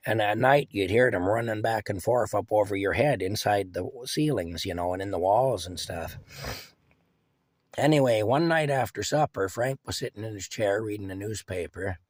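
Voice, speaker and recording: A man's voice: lowish voice, no room sound. Older guy rambling through old family stories, dry close sound. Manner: rambling, halting, chuckling. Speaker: vlogger. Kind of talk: casual storytelling.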